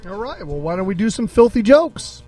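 High-voiced man, distant mic. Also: sing-song, a little fast, warm tone, faint music behind. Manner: dry, teasing. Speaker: podcast co-host. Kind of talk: casual chat.

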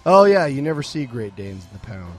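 A man co-hosting a comedy podcast, talking loudly, laughing and swearing through casual banter. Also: mid-range voice, sing-song, fairly quick, music in the background. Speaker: podcast co-host. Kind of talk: casual banter and joke telling.

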